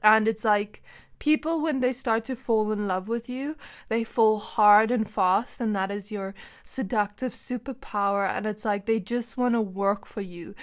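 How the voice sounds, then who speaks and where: A woman's voice: medium pitch, measured pace. A woman giving a casual pick-a-card tarot reading, chatty and giggly, who laughs often and fills her talk with "like". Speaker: tarot reader.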